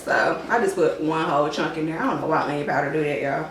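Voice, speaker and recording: A woman's voice: deep voice, fast. A young woman giving a casual cooking tutorial in her home kitchen, chatty and full of fillers, calling her viewers y'all. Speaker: cooking vlogger. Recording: echoey kitchen from far off, with noise.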